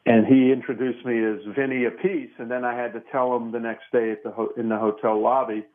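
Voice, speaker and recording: A man's voice: mid-range voice, fairly quick. Man in his 60s on a tinny phone line. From Brooklyn, New York. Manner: relaxed, rambling anecdotes with frequent fillers. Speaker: interview guest, drummer. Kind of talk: casual storytelling interview.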